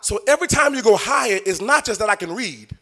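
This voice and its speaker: A male preacher delivering a sermon in a sing-song cadence, swelling into shouts and addressing the congregation directly. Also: high-pitched, lively intonation, quick pace.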